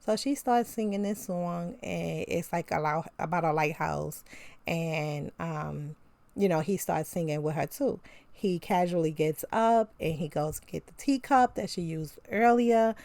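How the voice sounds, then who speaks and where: A young woman recapping a TV show in a loose, chatty way, tossing in slangy asides and getting animated. Her voice sits a little low. The sound is dry and close, with no room around it. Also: unhurried, gravelly, no echo. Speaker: TV show reviewer. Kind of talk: casual episode recap.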